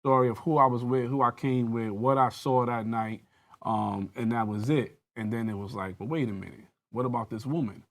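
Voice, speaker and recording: During a panel discussion, a guest relives a police interrogation from his own life, voicing the exchanges with growing intensity. He has a mid-range voice and a moderate pace.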